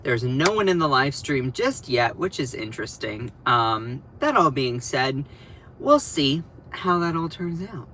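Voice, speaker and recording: A man's voice: mid-range voice, very animated, measured pace, pushed and bright, slight background noise. A young man hosting a casual livestream from home, chatty and rambling, self-deprecating, with laughs and restarts. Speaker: livestream host. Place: at home over breakfast.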